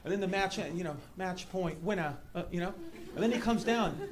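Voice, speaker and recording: A man from New York City with a New York accent, doing a stand-up comedy set with rambling, animated storytelling. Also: high-pitched, fast, a crowd in the background. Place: comedy club stage. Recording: live club room with audience noise. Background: audience laughter.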